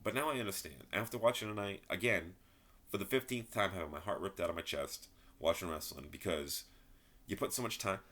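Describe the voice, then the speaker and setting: A man's voice: deep voice, a little fast, bright, forceful tone. A man giving a frustrated, rambling wrestling review, swearing and repeating himself. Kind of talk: ranting solo commentary.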